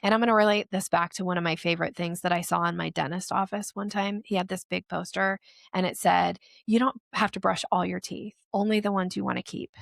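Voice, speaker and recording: Gravelly-voiced woman sales strategist. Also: lowish voice, fairly quick, no room sound, clean studio sound. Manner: lively, acts out quoted voices. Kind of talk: podcast interview guest explaining.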